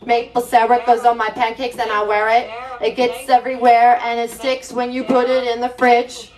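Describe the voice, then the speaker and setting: A woman's voice: on the high side, level tone, moderate pace, a crowd in the background. A young adult woman hosting a livestream, chatting casually in a playful, rambling, giggly way. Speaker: livestream host.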